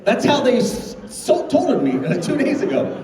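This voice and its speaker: On a convention stage, a middle-aged comedian does stand-up storytelling, laughing and performing the voices of the characters he describes. He has a very high voice and a moderate pace, heard from a distance in an echoey hall.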